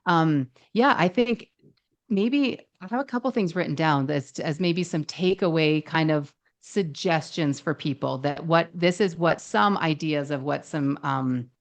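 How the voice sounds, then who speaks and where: Low gravelly-voiced woman therapist. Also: measured pace. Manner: thoughtful, earnest, many affirming "yeah"s. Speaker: couple therapist, podcast co-host. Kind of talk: casual conversational podcast chat.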